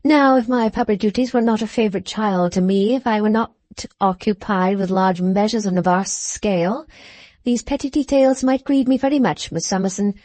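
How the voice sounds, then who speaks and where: A woman's voice: mid-range voice, moderate pace, dry recording, lightly acted. A woman reading a serene, dismissive mother. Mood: serenely dismissive. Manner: calm, dismissive, composed. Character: serene, distracted middle-aged mother.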